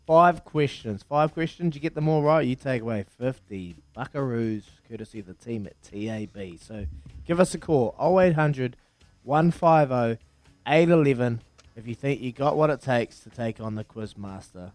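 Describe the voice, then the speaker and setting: A man's voice: medium pitch, animated, moderate pace, darkish tone, no echo. A man with a New Zealand accent hosting a breakfast radio quiz, upbeat as he counts down and teases callers.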